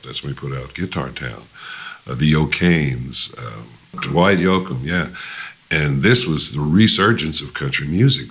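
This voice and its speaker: A man's voice: a bass voice, fairly bright tone. An older man, a musician guest, telling rambling stories in a casual interview, with many fillers and restarts.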